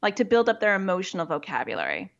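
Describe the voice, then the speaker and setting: A woman's voice: mid-range voice, wildly swooping pitch, fast talker, gravelly. A woman with a muffled voice explains to parents. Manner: explanatory, practical, often acts out parent and child quotes. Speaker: child therapist, guest. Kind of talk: podcast interview.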